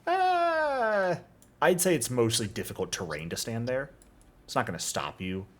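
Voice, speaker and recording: A man running a tabletop game online as game master, explaining rules in a relaxed, chatty way with plenty of fillers. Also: on the low side, a little fast, slightly rough.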